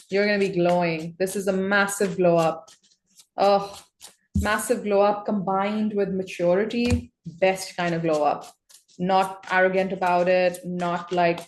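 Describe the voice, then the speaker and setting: A woman reading tarot cards to her viewers with a slightly low voice, bursting into excited exclamations as she goes. The sound carries a noticeable echo from the room around her. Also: slight background noise. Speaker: tarot reader. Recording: echoey room.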